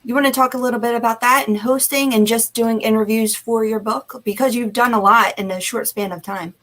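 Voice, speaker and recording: A woman's voice: on the high side, fairly even intonation, brisk, fairly bright tone. A woman co-hosting a podcast interview, casually complimenting the guest before asking her questions.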